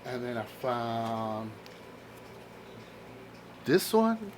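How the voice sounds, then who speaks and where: A man's voice: on the high side, very animated, slow pace, long pauses, a little hiss or hum. A man chatting casually in a vlog as he shows off a comic book haul, enthusiastic and laughing at his own jokes. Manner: enthusiastic, exclaims over covers.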